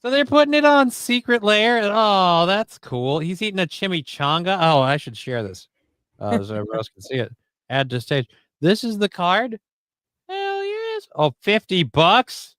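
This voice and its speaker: A man's voice: high-pitched, sing-song, unhurried, fairly bright tone, clear, resonant tone, no room sound. A man hosting a casual livestream, loose, profane and jokey, reading chat comments and card text aloud. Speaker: livestream host.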